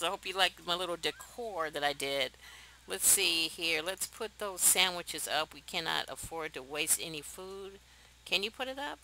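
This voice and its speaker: A young woman talks her viewers through a life-sim game in casual commentary. Her voice is very bright and forceful, and her pitch bounces all over the place. She is chatty and excitable and often breaks into laughter. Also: moderate pace, slight background noise, low-quality recording. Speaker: let's play host.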